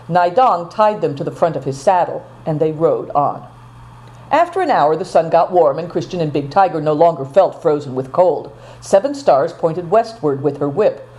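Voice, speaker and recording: A woman narrating a storybook, reading expressively at an even pace. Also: deep voice, moderate pace, rough recording.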